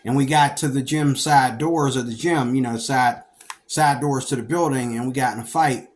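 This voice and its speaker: In this casual monologue, a middle-aged Pennsylvanian recounts his past in a wandering, spirited way, suddenly getting loud when he plays the parts of others. He speaks at a normal speed with a medium pitch.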